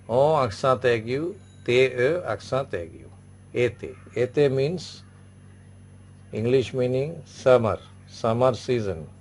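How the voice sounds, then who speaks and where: A man's voice: mid-range voice, darkish tone. A man teaching an online French class, patiently repeating each word and example several times. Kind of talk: online language lesson.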